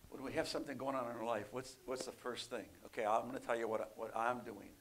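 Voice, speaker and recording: A man preaching a sermon, often asking his listeners questions and swinging between loud emphatic bursts and soft quiet lines. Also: medium pitch, fast, a little hiss or hum. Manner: animated, rising loud for emphasis then dropping soft; asks the congregation questions often.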